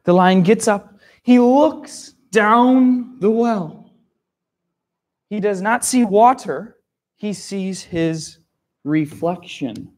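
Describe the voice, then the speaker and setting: A male English teacher tells a story to language learners in an animated style, gasping for effect and frequently checking that they follow. His voice is high-pitched and his delivery extremely slow.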